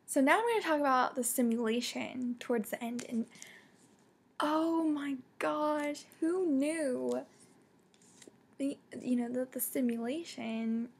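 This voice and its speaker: A young woman reviewing a book casually, excitable and full of fillers and restarts. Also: high voice, slow, gravelly, slightly rough. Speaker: book vlogger.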